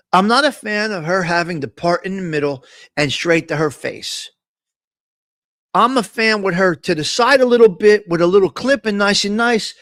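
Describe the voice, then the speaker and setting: A man's voice: high-pitched, fairly bright tone, no room sound. A middle-aged man with a New York-area accent hosting a live morning talk stream, rambling through crude, joking banter. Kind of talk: casual live-stream chat.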